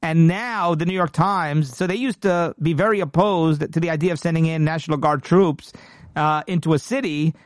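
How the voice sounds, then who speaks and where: A man's voice: fairly high pitch, moderate pace, dry recording, studio quality. A man hosting a political commentary show, talking emphatically and indignantly and often restarting his sentences.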